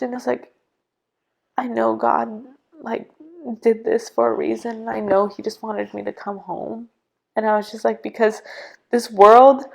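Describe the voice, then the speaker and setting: A young woman from California shares her faith story as a podcast guest, with a gravelly, fry-laden voice at a middle pitch. She talks in a loose, chatty way, full of fillers, and acts out what she and others said. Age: young adult. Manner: chatty, filler-heavy, acts out quoted dialogue. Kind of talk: casual personal testimony.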